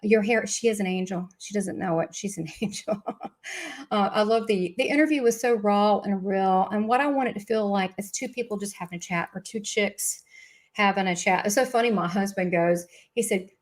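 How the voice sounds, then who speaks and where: A woman's voice: mid-range voice, normal speed. Chatty Southern-accented woman hosting live. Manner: chatty, gushing, rambling with many asides. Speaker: host of a live spiritual show. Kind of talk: casual live-stream chat.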